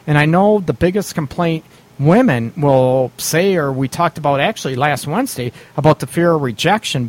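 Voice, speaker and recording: Brief: male radio advice host, blunt and casual, laughs a lot, acts out quotes. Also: on the high side. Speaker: radio show host giving relationship advice.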